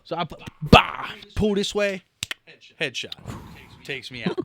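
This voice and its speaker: Telling a game story on the podcast he co-hosts, this middle-aged man chats casually, swears, and adds mouth sound effects. His voice sits on the high side, animated yet unhurried, gravelly and fairly bright, with long pauses.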